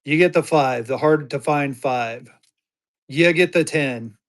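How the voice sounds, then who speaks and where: A man with a slightly high voice runs a live-stream auction, upbeat and chatty. He talks bidders up and keeps the sale moving. It sounds like a home streaming setup. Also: takes it slowly.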